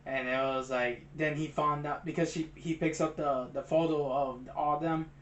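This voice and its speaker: A young man co-hosting a movie review, retelling the plot quickly and excitedly. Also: a little high, reverberant, slight background noise. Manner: excited, fast retelling, says "bro". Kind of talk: casual movie chat.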